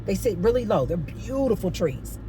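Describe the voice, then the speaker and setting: Brief: a chatty woman vlogger with an expressive voice, telling a story straight to her viewers. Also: medium pitch, normal speed, background noise. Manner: animated, chatty, addresses viewers as "you guys". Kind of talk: storytime monologue.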